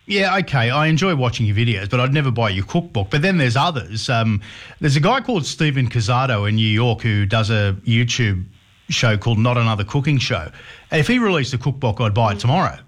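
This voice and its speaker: A man's voice: mid-range voice, animated, brisk. Middle-aged male radio host, casual and wry, trips over his words a bit. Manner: chatty, hesitant restarts, wry asides.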